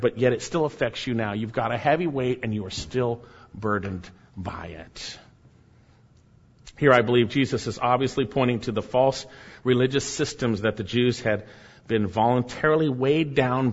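Guy preaching a sermon, punchy then soft, long church-hall echo, kinda dull lo-fi sound. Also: a little high. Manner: emphatic preaching, repeats key phrases, swings between loud and soft. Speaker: pastor.

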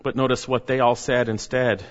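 A male preacher delivering a sermon slowly and with emphasis, his voice falling quiet at the ends of phrases. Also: medium pitch, level tone. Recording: dull lo-fi recording with long hall reverb.

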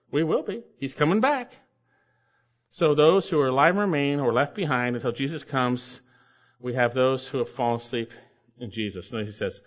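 Here a male pastor with a medium-pitched, somewhat bright voice works through scripture verse by verse in an expository sermon. He speaks emphatically and keeps repeating key phrases to drive them home, captured on a dull, lo-fi recording.

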